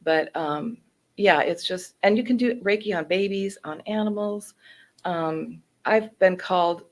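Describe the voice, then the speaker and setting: A woman and Reiki practitioner talking in a casual interview, energetic and animated, acting out quotes as she tells her stories. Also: on the low side, measured pace. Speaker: Reiki practitioner, wellness center guest.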